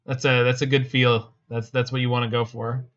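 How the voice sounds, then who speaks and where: A man with a mid-pitched voice talks through his card game in a loose, wry way and throws jokes back at his chat. His voice comes through a slightly dull, lo-fi mic. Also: flat delivery, brisk, fairly bright tone. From Canada. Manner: wry, joking, answers chat. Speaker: streamer. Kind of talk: casual gameplay commentary.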